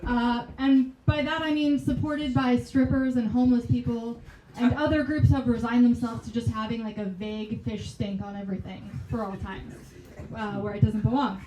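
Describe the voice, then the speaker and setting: A woman doing a stand-up set in a small club, delivering wry deadpan jokes. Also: on the high side, normal speed, noisy background. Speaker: stand-up comic. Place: small comedy venue. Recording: echoey small venue.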